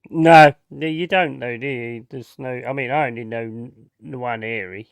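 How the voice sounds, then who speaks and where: A man with a gravelly voice chats about football on a livestream, swearing and laughing freely. The sound is dry and close. His tone is relaxed and conversational. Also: medium pitch, unhurried, dry recording. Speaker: livestream co-host. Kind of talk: casual football chat.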